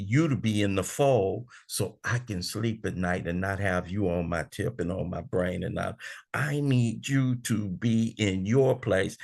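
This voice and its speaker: A man's voice: on the low side, gravelly, slightly rough. A man in his sixties speaking at a recovery meeting, talking in a preacherly way and acting out his own arguments. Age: 60s. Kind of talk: animated big book study talk.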